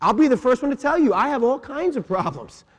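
A pastor delivers his sermon in a raised, high voice, hammering on key words and putting questions to his listeners. The sound carries a long reverb from a large church sanctuary. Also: very animated, fairly quick. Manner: emphatic, repeats key words, asks the congregation questions. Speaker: senior pastor.

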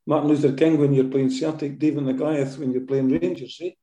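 A Scottish man with a mellow, warm voice tells animated stories from his football management days, often ending sentences with "eh?". He is recorded in an echoey room. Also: on the high side, brisk. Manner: lively storyteller, tags sentences with "eh?". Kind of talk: anecdotal interview storytelling.

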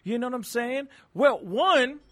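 A man hosting a radio show, chatting casually and addressing the listeners directly with slangy, animated talk. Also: extremely high pitch, unhurried. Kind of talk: casual chat.

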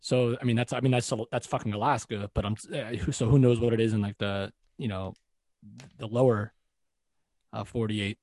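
A man's voice: lowish voice, fairly even intonation, normal speed, a little mellow, dry recording. A man co-hosting a casual podcast, rambling and jokey about pop culture. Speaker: podcast co-host.

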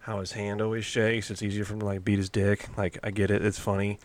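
A man's voice: fairly low pitch, level tone, quick pace. A man talking casually on a podcast, rambling and cursing, often restarting his sentences. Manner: rambling, profane, restarts mid-thought. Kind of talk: casual chat.

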